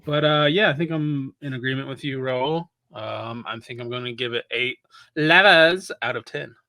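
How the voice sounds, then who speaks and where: A man's voice: medium pitch, normal speed, bright, forceful tone, no room sound. A man co-hosting a podcast, chatting animatedly about a film, swearing and laughing often. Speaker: podcast co-host. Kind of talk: casual movie review chat.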